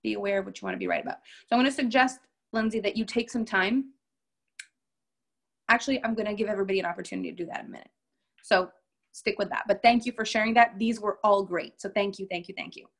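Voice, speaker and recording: A middle-aged woman leading a group coaching call, lively and acting out the voices she quotes. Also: mid-range voice, quick pace, gravelly. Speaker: business coach.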